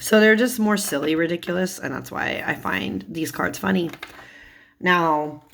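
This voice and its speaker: A woman's voice: lowish voice, a little slow, creaky, a bit bright. A young woman chatting casually as she shows tarot cards, giggling often and filling her talk with "like". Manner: giggly, chatty, lots of "like" fillers. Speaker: tarot YouTuber. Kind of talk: casual chat showing cards.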